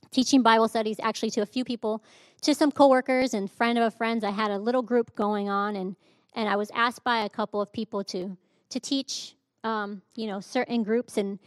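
High-voiced woman sharing a testimony. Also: dry recording, studio quality. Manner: candid storytelling with laughs and restarts. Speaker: preacher. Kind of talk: sermon testimony.

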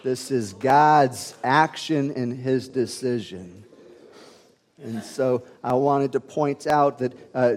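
A man's voice: mid-range voice, a little mellow, big-room sound. A man preaching a conversational teaching sermon, with frequent fillers and restarts as he works through a scripture passage. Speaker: pastor.

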